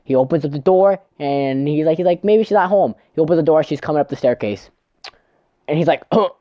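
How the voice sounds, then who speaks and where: A man's voice: on the high side, brisk, no room sound, lo-fi sound. A man casually recapping a manga chapter, rambling, swearing and tripping over his words. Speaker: manga reviewer.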